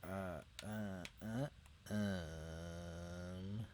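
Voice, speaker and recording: A man giving casual let's-play commentary, a little tipsy, rambling and apologetic, with sudden excited outbursts. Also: deep voice, drawn-out words, a little hiss or hum. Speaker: gamer playing through a video game. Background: game music.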